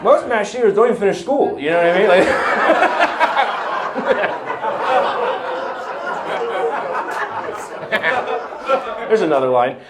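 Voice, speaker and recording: Laid-back thirty-something comedian in a noisy club. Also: male voice, sits high, big pitch swings, very slow, long pauses, over a noisy crowd. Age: 30s. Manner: casual, laughing between lines, loose rambling delivery. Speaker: stand-up comedian. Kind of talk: stand-up comedy set. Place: comedy club stage with audience laughter.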